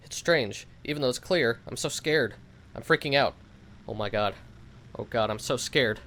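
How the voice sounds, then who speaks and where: A woman's voice: very deep voice, normal speed, fairly bright tone. A man voicing a frightened, drug-craving teenage girl from a game, reading her lines aloud in a raised, pleading voice. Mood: panicked. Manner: panicky, pleading.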